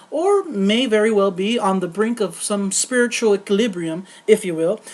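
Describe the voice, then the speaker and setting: Woman host reading a movie review off a script, a little high, earnest with wry jokes.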